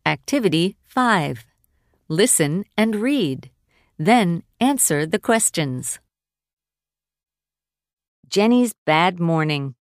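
Female exercise announcer, lower voice, measured and clear. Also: animated, dry recording, clean studio sound. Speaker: workbook audio announcer. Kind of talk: reading exercise instructions.

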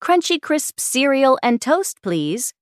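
Impatient schoolgirl of eleven, high and eager, read by a woman. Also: sing-song, takes it slowly, no room sound, clean studio sound, exaggerated voice. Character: eleven-year-old girl, eager and impatient.

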